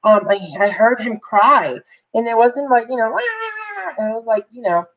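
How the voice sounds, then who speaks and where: A woman's voice: fairly high pitch, normal speed, dull audio. A woman vlogger telling a personal story in a candid, rambling way, full of fillers and restarts.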